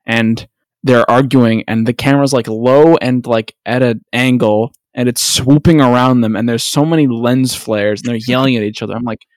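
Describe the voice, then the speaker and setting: A man co-hosting a podcast, telling stories in relaxed casual chat with many fillers. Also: mid-range voice, moderate pace, no echo, clean studio sound. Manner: relaxed, storytelling, hesitant fillers. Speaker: podcast co-host.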